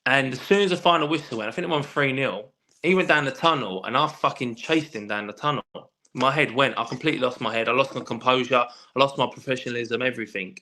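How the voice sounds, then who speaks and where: Male guest, rapid animated storyteller, bright forceful tone, swears a lot. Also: mid-range voice, a little hiss or hum. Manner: animated storyteller, swears freely, many restarts. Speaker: guest, former footballer. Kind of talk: casual podcast chat.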